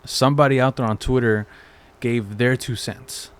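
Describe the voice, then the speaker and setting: A man co-hosting a podcast, talking in a relaxed, slangy casual chat full of fillers. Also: mid-range voice, normal speed, smooth. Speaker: podcast co-host.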